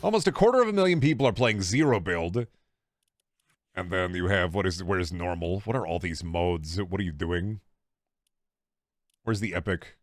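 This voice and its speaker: A man's voice: low voice, normal speed, pauses often, no room sound, clean studio sound. Profane, rambling young male streamer. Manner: rambling, profane, jokey, bursts of excitement. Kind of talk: casual gaming stream chat.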